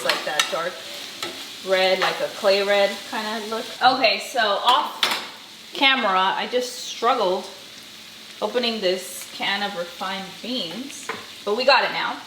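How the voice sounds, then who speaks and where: A woman's voice: medium pitch, measured pace, very noisy. A young woman vlogging casually while she cooks at home, chatty and rambling, with self-deprecating asides. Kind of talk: casual cooking vlog. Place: home kitchen. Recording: echoey kitchen with loud frying sizzle. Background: food sizzling and stirring.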